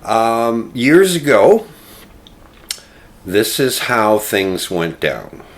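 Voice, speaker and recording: An older man hosting a solo political commentary, speaking in a slow, deliberate way with frequent ums and uhs. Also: mid-range voice, sing-song.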